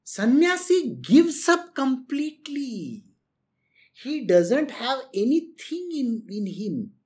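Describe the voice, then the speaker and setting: Spiritual teacher, lively delivery with wide pitch swings, frequent laughter, plays out quotes. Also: takes it slowly. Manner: animated, laughs often, acts out quotes. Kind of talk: lecture on renunciation.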